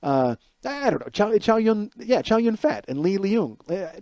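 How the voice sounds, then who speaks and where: A man's voice: sits high, very animated, normal speed, darkish tone, no room sound. A man hosting a podcast, talking in a casual, rambling, self-deprecating solo monologue into a close mic. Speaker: podcast host and stand-up comedian.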